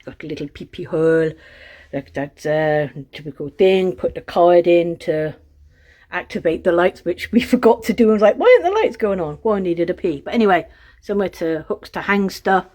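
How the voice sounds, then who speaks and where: A woman's voice: on the low side, fairly even intonation, normal speed, darkish tone. Exasperated woman ranting into her phone. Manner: exasperated, swears often, talks to camera. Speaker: vlogger reviewing a hotel. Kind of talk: casual vlog rant and room tour. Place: hotel room, indoors. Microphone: phone camera.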